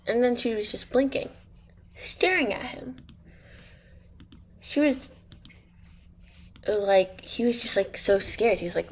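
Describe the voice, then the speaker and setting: A woman's voice: a little high, measured pace, long pauses. A woman casually telling a made-up story while she plays a game, rambling and getting sidetracked. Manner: rambling, easily sidetracked, many fillers. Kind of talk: casual spoken storytelling over gameplay.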